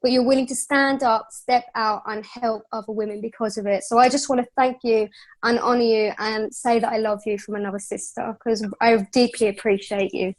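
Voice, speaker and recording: A woman's voice: a little high, steady tone, fairly quick. A woman from Northern Ireland with a Northern Irish accent, a life coach speaking earnestly and emotionally as a guest over a video call.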